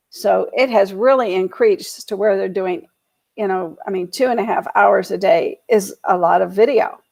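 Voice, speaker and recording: A woman who teaches video marketing to real estate agents runs an online class over a video call, reading statistics off her slides and then adding casual asides. Her medium-pitched voice is gravelly and darkish, and the recording is rough.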